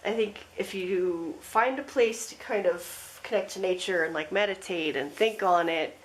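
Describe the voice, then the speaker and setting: A woman giving a pick-a-card tarot reading, talking in a gentle, rambling way with lots of fillers. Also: lowish voice, normal speed, poor audio. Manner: rambling, gentle, with frequent fillers and soft laughs. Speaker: tarot reader.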